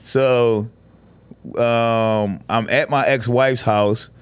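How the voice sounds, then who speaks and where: A man in his thirties co-hosting a casual comedy podcast, telling stories and acting out quotes in high voices. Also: drawn-out words, smooth, no room sound. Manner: animated storyteller, acts out quotes in high voices. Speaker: podcast co-host.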